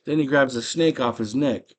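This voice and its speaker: A man's voice: medium pitch, normal speed. A man casually recapping a movie in slangy, enthusiastic storytelling. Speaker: movie channel host.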